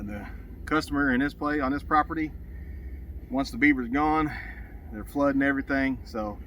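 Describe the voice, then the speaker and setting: A man's voice: mid-range voice, pushed and bright. Man, folksy outdoor vlogger, rambling and winded, faint background noise. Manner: folksy, rambling with many fillers. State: out of breath. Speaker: trapper. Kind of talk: outdoor vlog narration. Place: outdoors by ponds.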